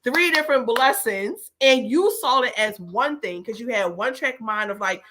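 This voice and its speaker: Chatty woman co-host, animated storyteller with a bright, forward voice. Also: fairly high pitch, moderate pace. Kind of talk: casual money talk.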